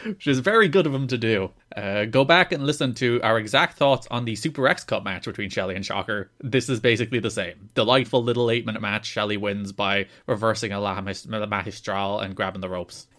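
A man's voice: on the low side, a little fast, fairly bright tone. A man co-hosting a wrestling podcast in casual chat, rambling and laughing often. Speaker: podcast co-host.

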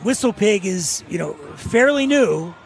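Male podcast host, joking, high lively voice, gravelly edge. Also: a little slow. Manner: joking, chatty interjections. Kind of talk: casual interview chat. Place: outdoors at a festival.

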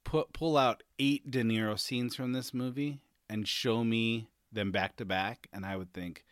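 A man's voice: medium pitch, steady tone, a little slow, hardly any pauses, no echo. Chatty man in a dry room. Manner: chatty, reads from notes, laughs easily. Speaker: podcast co-host. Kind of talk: casual chat.

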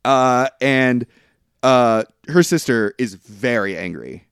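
Speaking slowly in an expressive, fairly bright voice, a young man recaps a movie plot on the podcast he co-hosts. His casual chat rambles, and he acts out quotes with jumps in pitch. The tone is clean, the studio recording has no echo.

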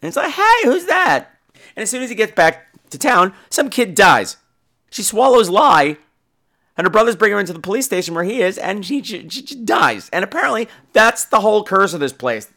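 Animated, lively-voiced male podcast host. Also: high-pitched, fairly quick. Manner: animated, jokey, swears casually. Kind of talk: casual film review.

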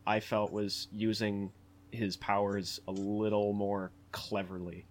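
A man hosting a casual podcast talk about films, rambling with many fillers and restarts, and growing animated as he talks. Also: fairly low pitch, slow. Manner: animated, acts out quotes in a raised voice. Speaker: podcast host. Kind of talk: casual film discussion.

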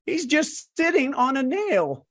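A man voicing a calm old gentleman rocking on his porch, unhurried and easygoing. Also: very high voice, voice pushed up, full character voice. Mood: unbothered.

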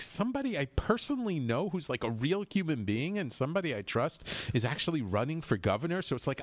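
A man's voice: mid-range voice, no room sound. A man hosting an internet radio show, talking in an enthusiastic, rambling way with plenty of fillers and restarts. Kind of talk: casual radio talk with read quotes.

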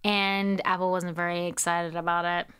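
A woman's voice: lowish voice, little pitch movement, normal speed, fairly bright tone, clean tone. Blunt teasing woman podcast co-host. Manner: teasing, blunt, swears freely. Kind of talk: casual chat.

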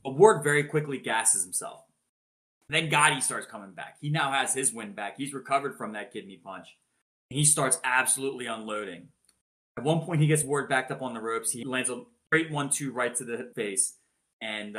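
Bright-voiced man retelling a fight. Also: medium pitch, moderate pace. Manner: animated, swears freely, acts out announcers' shouted calls. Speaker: podcast host retelling a boxing match. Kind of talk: casual storytelling chat.

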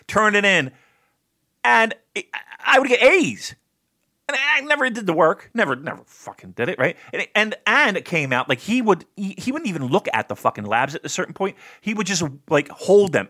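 A man from New Jersey co-hosting a podcast, chatting casually, animated, laughing often and swearing freely. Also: sits high. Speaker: podcast co-host. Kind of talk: casual chat.

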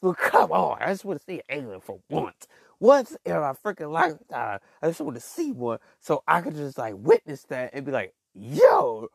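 Animated, stammering man talking to viewers. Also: a little high, moderate pace, gravelly, dry recording, clean studio sound. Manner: stammering, animated, slangy, addresses listeners as y'all and bro. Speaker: vlogger. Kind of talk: casual monologue.

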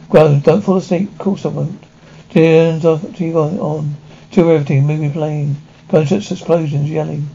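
A man reading dialogue and sound cues of a TV episode aloud in an even, unhurried way, on a slightly muffled lo-fi recording. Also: a little high, vocal fry. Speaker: narrator reading an audio description of a TV episode.

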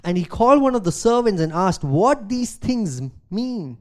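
A man, a pastor, preaching a sermon, reading scripture aloud and asking rhetorical questions, swinging from loud emphasis to quiet asides. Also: high-pitched, very animated, normal speed, few pauses. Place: church.

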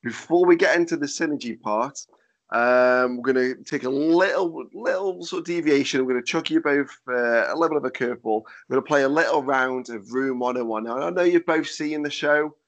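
A man's voice: mid-range voice, a little fast. A man hosting a podcast, chatty and casual, swearing freely as he sets up a game. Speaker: podcast host.

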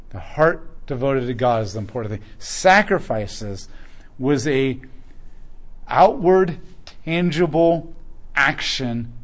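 A man preaching verse by verse in a conversational way, acting out little quoted asides. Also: medium pitch. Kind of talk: verse-by-verse sermon teaching.

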